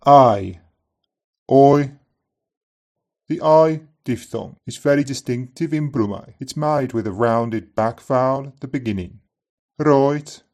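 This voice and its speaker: A man teaching an accent lesson in scripted narration, saying each example word slowly and carefully, often twice. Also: mid-range voice, a little mellow.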